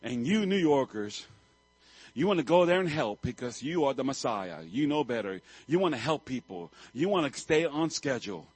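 A male pastor preaching a sermon, telling a story with animated swings and sudden loud outbursts. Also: mid-range voice, normal speed, husky, no echo, low-quality recording.

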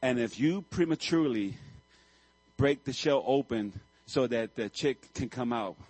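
A male pastor delivers a sermon as a vivid story. His husky voice sits in a dry, close recording. He swings between hushed lines and sudden loud bursts. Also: medium pitch, lively intonation, a little slow, no echo, low-quality recording.

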